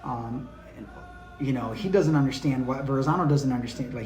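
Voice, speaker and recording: A man's voice: medium pitch, lively intonation, fairly quick, a little mellow. A man hosting a history lesson, talking bluntly and casually with slang. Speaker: history channel host. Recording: roomy echo with faint music.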